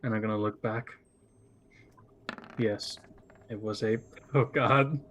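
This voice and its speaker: A man at a tabletop game talks casually, often halting and restarting his sentences. His voice is fairly flat and monotone, with a faint noise in the background. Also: lowish voice, lo-fi sound. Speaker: player.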